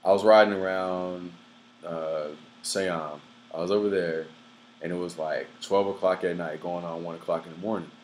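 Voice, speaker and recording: Deep-voiced young man, profane and casual. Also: moderate pace, a little hiss or hum, rough recording. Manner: loose, profane, filler-heavy, with animated outbursts. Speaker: vlogger. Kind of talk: casual storytelling monologue.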